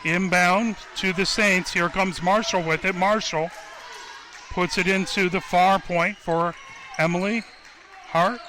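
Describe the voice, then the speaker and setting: A man calling a basketball game play-by-play for radio, naming each pass in a rapid running call and getting louder at scores. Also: high voice, steady tone.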